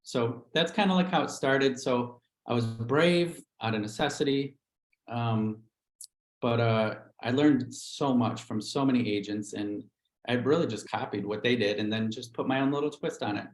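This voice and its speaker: A middle-aged real estate agent talks candidly about how he built his business. His voice sits at an ordinary pitch, and he slips into quick acted-out quotes. The sound carries an echoey room around him. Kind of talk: livestream interview storytelling.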